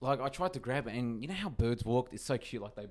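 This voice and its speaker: Man, animated storytelling, repeats himself, mid pitch. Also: quick pace. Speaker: podcast co-host. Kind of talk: casual chat, storytelling.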